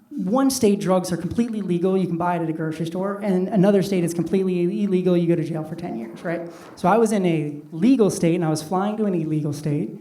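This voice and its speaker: A middle-aged man with a high-pitched, warm voice does a stand-up set on a comedy club stage, talking loosely and conversationally with plenty of "like" fillers. The distant mic gives a roomy club sound, with audience laughter in the background.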